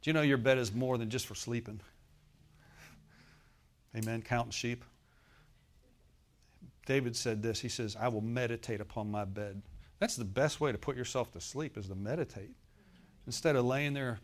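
A man, a pastor, preaching a sermon in a folksy way, speaking straight to the congregation and swinging from loud emphatic bursts to soft murmured asides. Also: medium pitch, normal speed, long pauses.

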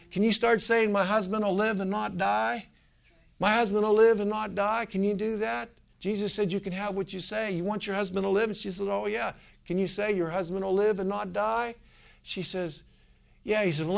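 A man preaching a sermon, telling a healing story with animated delivery and acting out the voices of the people in it. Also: high-pitched, creaky.

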